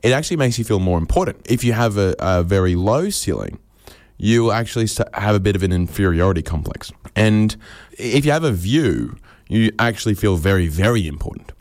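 A man delivers a comic monologue in a low-pitched voice. His claims are absurd and deadpan, and he slips into quick acted-out voices for the people he quotes. The sound is dry and close, with no room echo. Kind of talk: comedic monologue.

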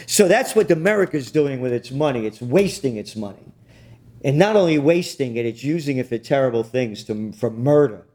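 A man's voice: mid-range voice, lively intonation, normal speed, darkish tone. A man co-hosting a political talk show, ranting with profanity and biting sarcasm. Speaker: co-host.

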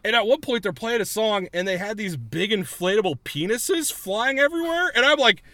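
An animated, bright-voiced male storyteller. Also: high-pitched, moderate pace, no room sound. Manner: animated, laughing, acts out quotes. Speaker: guest storyteller. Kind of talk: comedic storytelling.

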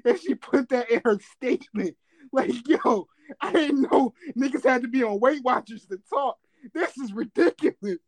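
Very high-pitched woman, laughing and cursing. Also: expressive, moderate pace, dry recording. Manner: loud, profane, laughing hard. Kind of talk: casual podcast chat.

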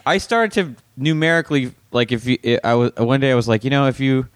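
Joking man, very lively voice. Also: medium pitch, brisk, smooth, no echo. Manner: joking, swears freely. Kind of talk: casual chat.

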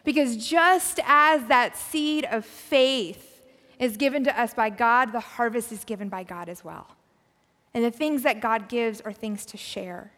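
A woman preaches in an easy, conversational way, her high voice sometimes sinking soft and quiet as she reflects. The sound rings out with the long reverb of a large church hall. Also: unhurried. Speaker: pastor. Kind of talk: sermon.

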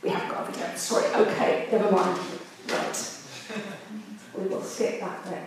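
A woman's voice: fairly low pitch, fairly even intonation, normal speed, noisy background. A woman preaching a sermon in a candid, conversational way. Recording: echoey room, distant mic.

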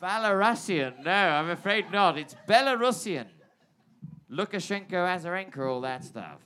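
Giggly improv host, man, high-pitched, reading a spoof bulletin with lots of ums. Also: sing-song, normal speed, pushed and bright. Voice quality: hesitant, laughing through lines. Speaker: comedy podcast host. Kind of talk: improvised mock news reading.

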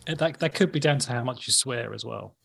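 A man's voice: medium pitch, brisk, vocal fry, fairly bright tone, husky. A man co-hosting a casual podcast, teasing the others and stumbling over his words. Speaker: podcast co-host.

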